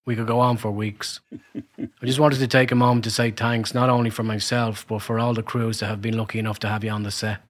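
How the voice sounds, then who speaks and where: A man's voice: lowish voice, little pitch movement, fairly quick. A man from Ireland hosting an interview, talking casually and reflectively with frequent fillers. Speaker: interview host, sound mixer. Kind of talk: conversational interview.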